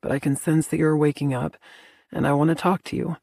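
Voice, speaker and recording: A woman voicing a commanding alpha man who speaks low, firm and insistent. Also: level tone, brisk, creaky, dark tone, no echo, clean studio sound. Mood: soft.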